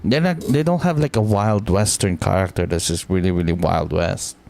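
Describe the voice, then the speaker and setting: A man's voice: low voice, moderate pace, creaky, darkish tone, a little hiss or hum. A man streaming live, chatting casually and thinking aloud, swearing freely and filling his talk with "like".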